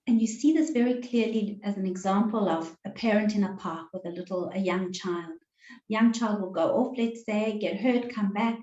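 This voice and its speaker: A woman relationships coach giving an online workshop presentation in a measured, deliberate way over a video call. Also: mid-range voice, warm tone. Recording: roomy, slightly dull sound.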